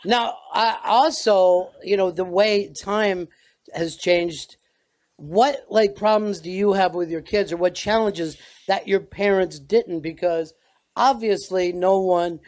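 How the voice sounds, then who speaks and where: Older male host with a high voice. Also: slow, a little mellow. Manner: laughs along, short affirmations. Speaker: interview host. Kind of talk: conversational interview.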